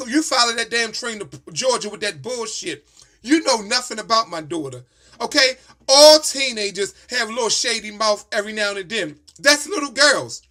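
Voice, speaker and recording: A man's voice: very high voice, pushed and bright. A man telling a story in a sassy, emphatic rant full of swearing. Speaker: vlogger.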